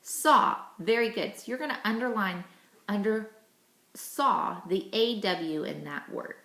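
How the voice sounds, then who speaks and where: A woman teaches young children to read, drawing out her words slowly and patiently. Her voice rises and falls in a lively, sing-song way. The sound carries an echoey room around it. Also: medium pitch. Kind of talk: phonics lesson for young children.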